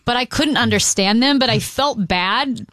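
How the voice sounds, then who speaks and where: A woman's voice: on the high side, normal speed, no echo. A woman co-hosting a talk radio show in the studio, chatting casually and animatedly. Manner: chatty, animated, puts on accents for fun. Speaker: radio co-host. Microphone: studio microphone.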